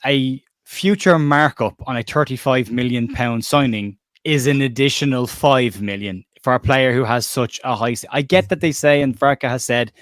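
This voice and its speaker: A man hosts a casual football podcast with animated, questioning energy. His voice sits at an ordinary pitch. The sound is dry and close, with no room around it. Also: no echo. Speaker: podcast host.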